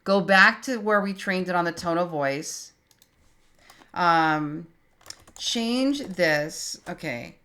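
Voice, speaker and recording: A woman in her fifties with a somewhat low voice runs a casual screen-recorded tutorial. She thinks aloud as she goes and reads her typed prompts out slowly. Faint keyboard typing sounds in the background. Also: steady tone, pushed and bright. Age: 50s. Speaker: creator teaching online tools.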